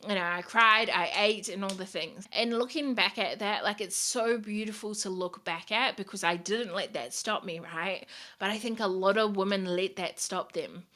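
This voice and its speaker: A woman's voice: medium pitch, normal speed, bright, forceful tone. A woman giving a candid, motivational vlog talk as a small business owner, swearing freely and speaking with emphatic drive.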